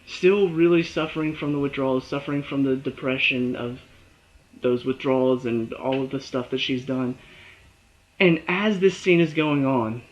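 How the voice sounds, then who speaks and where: A man reviewing a TV episode in a casual solo talk, animated and acting out the characters' lines and his own reactions. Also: medium pitch, moderate pace, lo-fi sound. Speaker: TV show reviewer.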